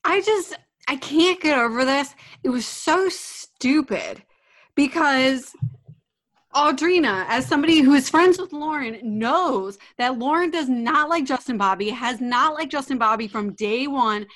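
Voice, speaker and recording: A woman with a somewhat high voice, chatting on a casual podcast. She sounds incredulous and emphatic, leaning on "like" as she talks. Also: unhurried, fairly bright tone. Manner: incredulous, emphatic, many "like" fillers. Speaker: podcast co-host. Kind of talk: casual recap chat.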